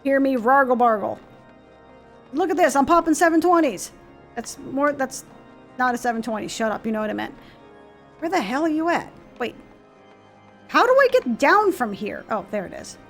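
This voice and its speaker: A woman's voice: high-pitched, big pitch swings, moderate pace, long pauses, soft background music. A woman streaming a video game, reading character dialogue aloud and adding playful, sarcastic, swearing commentary.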